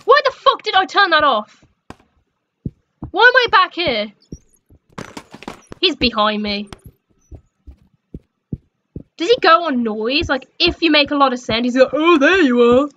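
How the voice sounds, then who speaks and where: A young woman playing a horror game, swearing a lot and jumping between frightened shrieks and low mutters. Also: lively intonation, measured pace, long pauses, pushed and bright, lo-fi sound, slight background noise. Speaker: gaming streamer.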